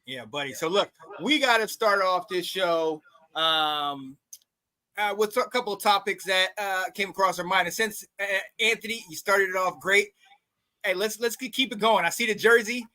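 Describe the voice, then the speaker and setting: A man's voice: high-pitched, moderate pace, bright, forceful tone. A man guest-hosting a casual sports talk show, upbeat and slangy, with frequent laughter. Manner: hype, slangy, laughs often. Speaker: guest host.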